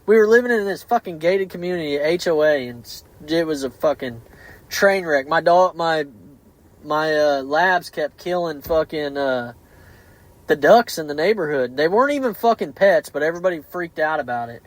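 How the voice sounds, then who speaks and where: A man hosting a podcast, telling stories in an animated, profane way with many restarts. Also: on the high side, normal speed, poor audio. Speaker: podcast host. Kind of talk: casual podcast chat.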